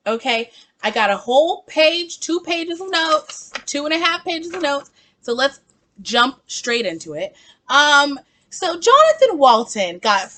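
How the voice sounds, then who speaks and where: A woman's voice: on the high side, sharp tone. A woman hosting a casual reaction video, chatty and sassy. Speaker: book reviewer and reaction host.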